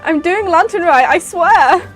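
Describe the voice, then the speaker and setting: A young woman chatting casually while playing a game, rambling and breaking into excited exclamations. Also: extremely high pitch, unhurried, soft background music. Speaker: streamer.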